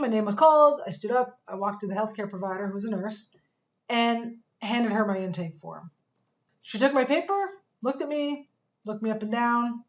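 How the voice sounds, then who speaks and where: A woman teaching a course for fitness coaches, telling a personal story in an earnest, measured way with pauses. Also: mid-range voice, lo-fi sound.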